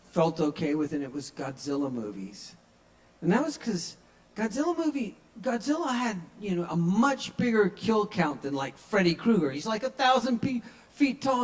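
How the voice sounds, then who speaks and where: A man with a slightly high voice works through a stand-up set at a small-bar open mic. He tells loose, conversational stories and slips into the voices of the people he quotes. He is younger than forty-five. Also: sing-song, moderate pace, poor audio. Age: under 45.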